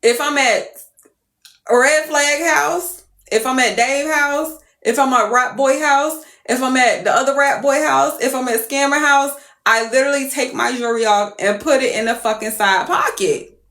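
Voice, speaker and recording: A woman's voice: high-pitched, normal speed, fairly bright tone, echoey room. A woman telling a story casually to her viewers, profane and exclamatory.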